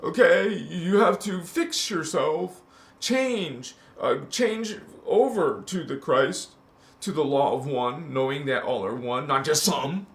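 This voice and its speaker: A man's voice: a little high, expressive, takes it slowly, fairly bright tone. A man preaching in an impassioned, casual spiritual talk, calling his listeners honey and breaking into chanted syllables. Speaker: spiritual channel host. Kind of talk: spiritual livestream sermon.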